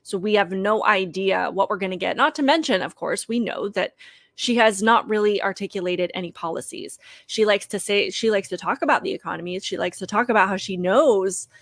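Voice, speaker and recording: A woman's voice: medium pitch, a little fast, fairly bright tone, no echo. A woman hosting her own channel, giving earnest, opinionated political commentary straight to her viewers.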